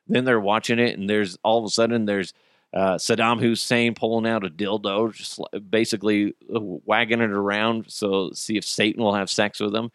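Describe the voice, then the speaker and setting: A man's voice: a little slow, no echo. Guy ranting on his podcast, swears a lot, laughs at himself, voice jumps all over, dry close sound. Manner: animated, swearing, laughing at his own stories, acts out bystanders in high voices. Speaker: podcast host. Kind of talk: casual solo podcast rant.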